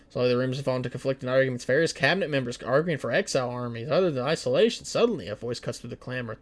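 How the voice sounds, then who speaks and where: Streamer type: an average-pitched man who reads game text out loud, stumbles now and then, and cracks casual jokes. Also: rapid-fire, few pauses. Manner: reads on-screen game text aloud, stumbling over words; casual, joking asides between reading. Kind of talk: strategy game livestream commentary.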